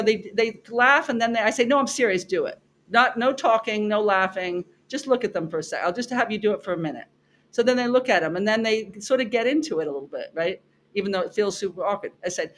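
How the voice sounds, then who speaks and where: A middle-aged professor, guesting on a podcast, tells animated stories about her classes in a medium-pitched voice over slight background noise. She's expressive, acting out her students and repeating herself for emphasis.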